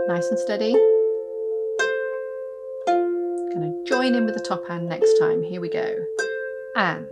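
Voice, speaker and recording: A woman's voice: a little high, lively intonation, slow, pauses often, over loud music. A woman giving an online harp lesson, patient, counting aloud and singing out rhythms as she explains. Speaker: harp teacher. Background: harp playing.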